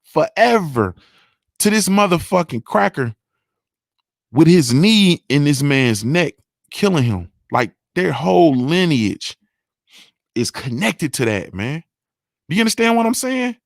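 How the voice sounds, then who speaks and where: A man's voice: a little high, big pitch swings, measured pace, creaky, pauses often, no echo, clean studio sound. A man hosting a morning show, ranting about politics in an emphatic, profane way and often asking if listeners understand. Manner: emphatic, profane, keeps asking "you understand what I'm saying?". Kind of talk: unscripted political rant.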